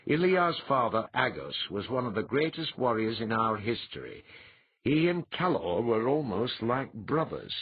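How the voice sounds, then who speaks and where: A man's voice: medium pitch, big pitch swings, unhurried, breathy edge, phone-quality sound, heavily acted. A man doing a hearty, genial old clan chief. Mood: reminiscing.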